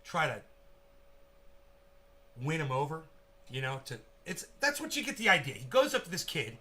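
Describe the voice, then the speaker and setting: A man livestreaming a profane rant, who swears constantly, bursts into shouting and acts out scenes in quoted voices. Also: a little high, huge pitch swings, normal speed.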